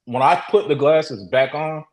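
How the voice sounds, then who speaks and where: A man guest telling a story in casual talk. He speaks haltingly, with many restarts, and acts out the quotes. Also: fairly high pitch, darkish tone, reverberant, low-quality recording. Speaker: interview guest.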